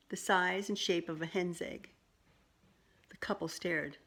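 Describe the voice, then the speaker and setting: Lower-voiced woman reading a picture book. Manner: pauses to show pictures to a listener. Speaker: storyteller.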